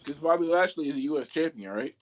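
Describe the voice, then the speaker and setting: A man's voice: on the high side, expressive, fast talker, lo-fi sound. A man co-hosting a casual wrestling podcast, teasing the others and questioning them. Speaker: podcast co-host.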